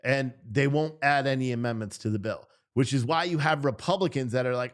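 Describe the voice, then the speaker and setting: A man's voice: medium pitch, fairly quick, hardly any pauses. A man hosting a casual political commentary stream, talking in a rambling, profane way that keeps interrupting itself. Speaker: host.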